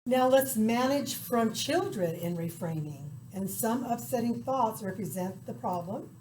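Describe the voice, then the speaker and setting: A woman family advocate reading presentation points in a brisk way. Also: on the high side, animated, a little mellow, far from the mic, slight background noise, rough recording. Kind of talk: scripted presentation.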